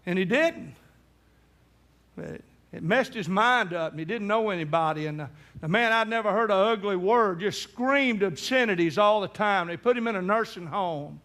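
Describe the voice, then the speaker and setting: A middle-aged man preaches in a voice pitched well above most men. He tells a story and acts out the people in it, his voice climbing toward a cry at the emotional peaks. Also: moderate pace. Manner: acts out quoted voices, rising to near-shouts in emotional peaks. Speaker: evangelist. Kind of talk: sermon storytelling.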